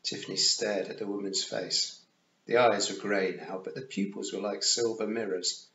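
A man reading a novel aloud in an expressive, lively storybook narration. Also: on the low side, moderate pace. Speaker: audiobook reader. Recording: roomy, dull home recording.

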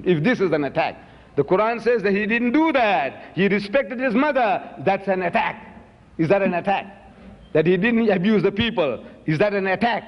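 Fairly high-voiced man arguing his point, keeps firing questions back, dull old hall tape w long echo. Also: expressive, brisk. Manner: emphatic, rhetorical, repeats questions. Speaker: lecturer answering audience questions. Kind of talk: public debate Q&A. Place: lecture hall.

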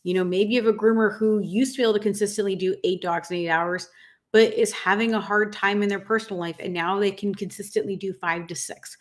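A woman's voice: mid-range voice, fairly even intonation, brisk. A woman in her thirties, a dog grooming business coach, ranting frankly and emphatically to camera and calling her viewers "guys". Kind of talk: casual rant to camera.

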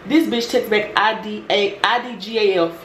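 A woman's voice: medium pitch, steady tone, normal speed, fairly bright tone. Brash, profane woman telling a story. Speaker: vlogger. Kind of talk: storytime chat. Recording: roomy room with faint noise.

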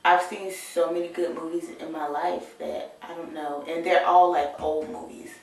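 A teenage high school girl, talking sassy and playful in a video diary from her bathroom. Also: flat delivery, moderate pace, very echoey, far from the mic, poor audio. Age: teens. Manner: sassy, playful, talks to the camera. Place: bathroom with shower.

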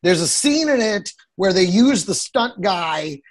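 Podcast co-host, man, husky voice that swings up and down, jokey. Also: sits high, a little slow. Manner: lively, jokey, loud bursts. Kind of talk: casual chat.

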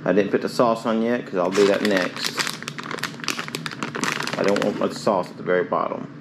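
Chatty low-voiced man cooking at home. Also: vocal fry, a little mellow, a little hiss or hum, poor audio. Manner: chatty, rambling, self-talk while cooking. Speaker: cooking ASMR host. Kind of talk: casual cooking chat.

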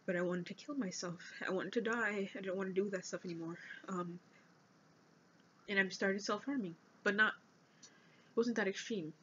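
A young woman of eighteen speaks in a personal confessional vlog, earnest and halting as she works through her notes. Her voice sits at a middle pitch for a woman. The recording is dull and lo-fi. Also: fairly bright tone, slight background noise. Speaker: vlogger.

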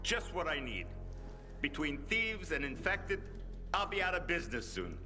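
An actor playing a grumpy, distrustful male water merchant in a video game who talks in a gruff, complaining way, heard as game audio with music behind. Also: on the high side, very animated, moderate pace, sharp tone, exaggerated voice. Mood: grumbling.

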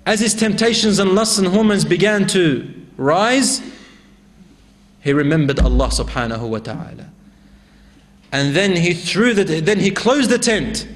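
A male preacher narrates a religious story with a high voice. His delivery is dramatic and emphatic, and he swings between raised passages and hushed ones. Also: animated, moderate pace. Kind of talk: storytelling sermon.

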